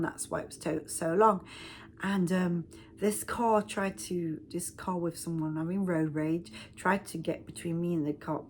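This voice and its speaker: A woman's voice: fairly low pitch, a little hiss or hum. A woman, a self-help speaker, telling a personal story in a casual, rambling way with frequent restarts.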